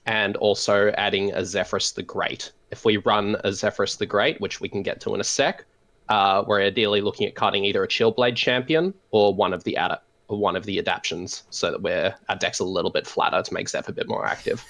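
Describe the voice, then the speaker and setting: Low-voiced Australian man, relaxed. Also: a little fast. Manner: relaxed, lots of ums and uhs. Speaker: guest. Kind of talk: casual interview chat.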